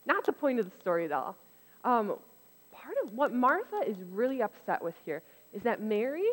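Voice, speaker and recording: Woman preacher, casual delivery, mid pitch, long hall reverb. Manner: conversational, animated when quoting others. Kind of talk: casual sermon.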